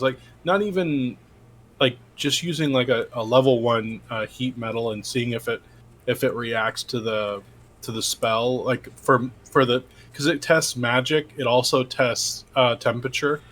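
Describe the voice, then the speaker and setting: A man's voice: medium pitch, unhurried, fairly bright tone. Regular-voiced guy at the game table, rambles about what his character does, casual. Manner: rambling, chatty, laughs easily. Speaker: player.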